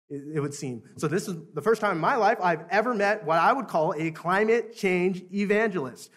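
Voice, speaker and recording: A man's voice: sits high, fairly quick, fairly bright tone. A Baptist preacher telling a story in a sermon, often chuckling and repeating words as he goes.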